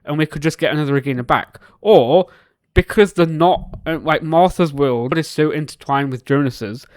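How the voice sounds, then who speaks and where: A man hosting a reaction video, excitable, swinging between shouts and mutters as he reacts to a series. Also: fairly high pitch, normal speed, no room sound, studio quality.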